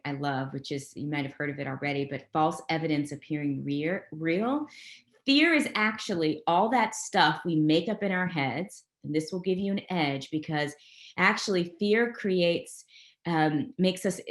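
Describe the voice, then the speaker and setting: Brief: woman career coach, lower voice, upbeat webinar delivery, roomy echo. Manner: energetic, motivational, goes off on tangents. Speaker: presenter of a career master class. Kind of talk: webinar talk.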